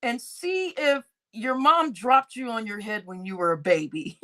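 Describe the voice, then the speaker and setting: Woman vlogger spilling gossip, high voice swinging all over, laughs a lot and cusses. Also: a bit bright. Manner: laughs often, swears freely, repeats phrases. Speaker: YouTube commentator. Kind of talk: casual gossip commentary.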